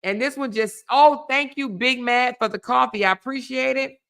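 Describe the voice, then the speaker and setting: A woman's voice: high-pitched, moderate pace, gravelly, a bit bright. A woman hosting a casual live stream, chatty and laughing often as she thanks viewers by name.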